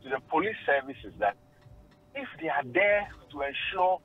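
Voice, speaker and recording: A man's voice: on the high side, big pitch swings, normal speed, husky. A man with a Ghanaian accent, a sports journalist on a radio phone-in, speaking emphatically and mixing Twi and English. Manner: indignant, emphatic, switches between Twi and English. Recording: tinny phone line.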